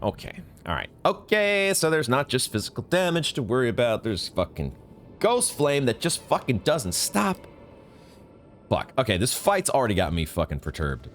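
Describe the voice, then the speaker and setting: A man playing a video game and commenting as he goes, swearing often and jumping up into high, angry yelling when things go wrong. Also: huge pitch swings, moderate pace, a little hiss or hum. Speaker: gaming streamer. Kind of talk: live gameplay commentary.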